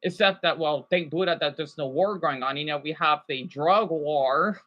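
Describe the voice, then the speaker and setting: A man's voice: a little high, normal speed, dull audio. A man from Arizona giving casual reaction commentary, rambling with stammering restarts and swearing. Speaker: video commentator.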